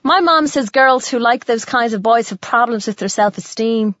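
A woman's voice: on the high side, moderate pace, fairly bright tone, dry recording, lo-fi sound, close to an everyday voice. A woman playing a chatty, gossipy teenage girl in an audiobook, talking in gushing, filler-heavy chatter.

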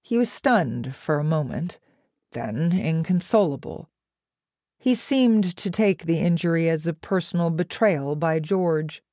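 A woman narrating an audiobook with an even, measured reading. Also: low voice, no echo.

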